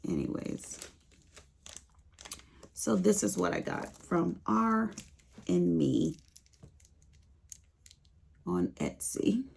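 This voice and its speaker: A woman's voice: fairly low pitch, wildly swooping pitch, extremely slow, vocal fry, pauses often, a little mellow, breathy edge. A middle-aged woman chatting casually to her viewers while unboxing craft supplies, calling them honey. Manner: chatty, calls viewers honey, Southern-tinged slang. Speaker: craft vlogger.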